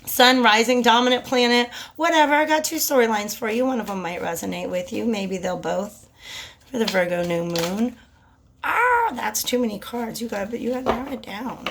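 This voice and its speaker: A woman giving a casual tarot reading in a chatty, slangy, animated way. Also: on the high side, normal speed, background noise. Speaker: tarot reader.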